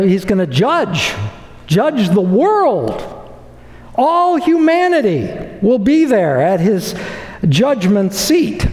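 A man's voice: high voice, a little mellow. A man preaching a sermon, emphatic and repeating phrases for effect. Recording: echoey hall with long reverb.

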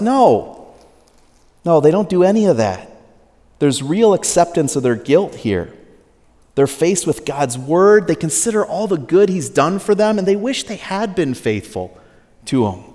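A man preaching in a church sanctuary, his fairly high voice carried by the long reverb of a large hall. He talks to the congregation in an easy, joking way. He acts out quotes in a still higher voice. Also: very animated, unhurried, dark tone. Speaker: pastor. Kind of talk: sermon.

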